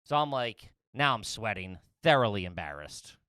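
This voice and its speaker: A man's voice: fairly low pitch, very animated, normal speed, sharp tone, no echo, clean studio sound. A man co-hosting a podcast, telling a rambling comedic story full of swearing and laughs. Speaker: podcast co-host.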